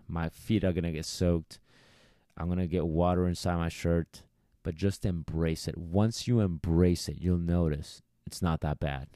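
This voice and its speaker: A man's voice: low-pitched, warm tone, dry recording, studio quality. A man, a dog trainer, talking casually to listeners and acting out quoted voices as he gives advice. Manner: chatty, coaching, acts out quoted voices. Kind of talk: casual podcast monologue.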